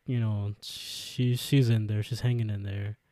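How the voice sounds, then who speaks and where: A man's voice: lowish voice, level tone, measured pace, warm tone, dry recording. Laid-back man with a dry sound. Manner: laid-back, laughs often, swears casually. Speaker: podcast co-host. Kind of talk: casual recap chat.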